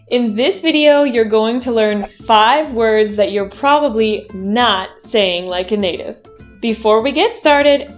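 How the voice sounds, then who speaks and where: A woman with an American accent teaching a pronunciation lesson, speaking slowly and clearly and drilling phrases for learners to repeat. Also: a little high.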